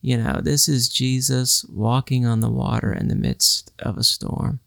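Male podcast co-host, gravelly voice, dry close sound, unpacks scripture at length. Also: mid-range voice, fairly even intonation, unhurried, no echo. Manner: explanatory, quotes scripture at length. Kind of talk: casual Bible study discussion.

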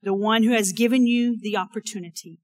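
A woman preaching a sermon and telling a personal story, earnest and swinging between emphatic and hushed delivery. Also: medium pitch, fairly even intonation, a little fast, no echo, soft background music, low-quality recording.

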